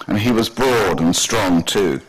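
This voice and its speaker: A man's voice: fairly low pitch, lively intonation, a little slow, crowd noise, poor audio. A man giving a dry, wry literary reading of his own fiction on a festival stage. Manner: dry, wry storytelling with voiced characters. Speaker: author reading his novel. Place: festival stage before an audience.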